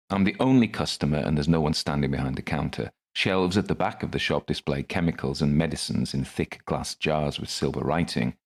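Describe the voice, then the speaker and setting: A man narrating his own first-person story in a dry, wry manner. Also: very deep voice.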